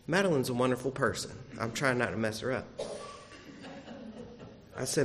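Pastor preaching in an echoing church. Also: male voice, mid-range voice, moderate pace, pauses often, fairly bright tone. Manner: folksy storytelling with self-deprecating humor. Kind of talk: sermon. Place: church sanctuary.

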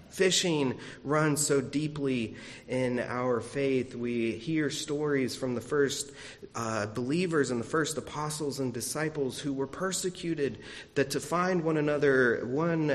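Pastor preaching in an echoing church. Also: male voice, mid-range voice. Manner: folksy storytelling with self-deprecating humor. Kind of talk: sermon. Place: church sanctuary.

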